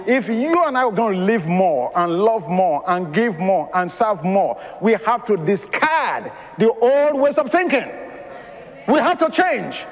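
A man's voice: high voice, big-room sound. A man preaching a sermon as pastor, mixing scripture with storytelling and laughter.

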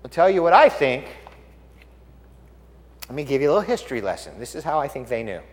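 A man preaching a sermon, telling the story dramatically and swinging from hushed tones to loud exclamations. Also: a little high, sing-song, brisk, long reverb tail. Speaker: pastor.

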